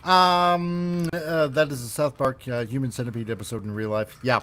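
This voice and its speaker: A man's voice: medium pitch, quick pace. A man hosting a casual podcast, reading gaming news with rambling, self-correcting sarcastic asides. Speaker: podcast host.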